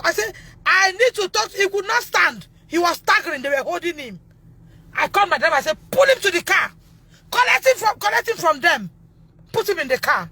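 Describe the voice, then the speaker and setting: A Nigerian woman speaking on a phone livestream, distressed and loud, re-enacting conversations as a mother. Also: very high-pitched. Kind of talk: emotional livestream testimony.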